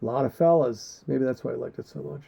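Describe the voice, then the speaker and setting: A man's voice: mid-range voice, fast, gravelly, warm tone, slightly rough. A man co-hosting a casual podcast, rambling and joking with crude asides. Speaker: podcast co-host. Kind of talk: casual chat. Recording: muffled lo-fi podcast audio.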